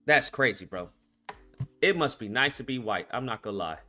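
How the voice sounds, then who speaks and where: A man hosting a live stream, reacting with animated, profane talk and sudden shouted outbursts. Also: mid-range voice, moderate pace, soft background music. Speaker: streamer host.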